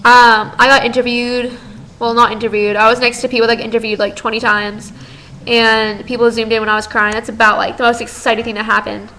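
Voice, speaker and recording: A fifteen-year-old girl telling a story in a casual vlog, chatty and animated, full of "like". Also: on the high side, brisk, a little hiss or hum, rough recording. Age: teens. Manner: chatty, lots of "like", animated retelling. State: tired. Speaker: vlogger.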